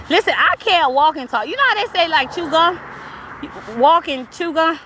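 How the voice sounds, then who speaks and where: A woman's voice: high-pitched, lively intonation, normal speed, background noise. A woman with a New York accent, out of breath while walking outdoors, talks bluntly and preachily to her viewers in a casual live stream. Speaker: spiritual vlogger.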